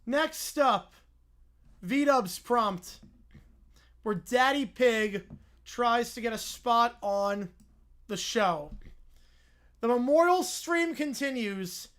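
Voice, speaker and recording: A man's voice: very high-pitched, expressive, extremely slow, pauses often, fairly bright tone. A man hosting a livestream, reading fan-written comedy stories aloud and reacting with laughter between the lines. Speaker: livestream host.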